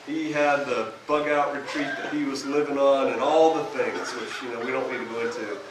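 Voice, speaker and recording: A man's voice: mid-range voice, fairly even intonation, moderate pace, background noise. A man, a pastor, telling chatty stories to a live audience in a folksy way, laughing at his own tales. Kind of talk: storytelling seminar talk to a live audience. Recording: echoey room recorded from a distance.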